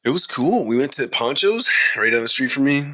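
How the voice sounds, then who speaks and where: A man's voice: mid-range voice, sing-song, a little fast, a crowd in the background. A man telling rambling stories in casual podcast chat, peppered with swearing and filler words. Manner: rambling storyteller, swears, lots of "like". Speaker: podcast guest.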